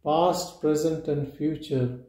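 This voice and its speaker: A man giving a meditative spiritual talk at a live gathering, in slow, measured short statements with long pauses. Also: fairly high pitch, fairly even intonation, mellow. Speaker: spiritual teacher. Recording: roomy echo.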